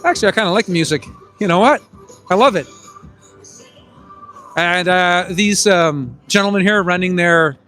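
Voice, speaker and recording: A man live streaming outdoors in a busy plaza, calling out to passers-by in a loud, projecting voice. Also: sits high, normal speed, long pauses. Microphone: handheld phone mic. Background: music from outdoor speakers.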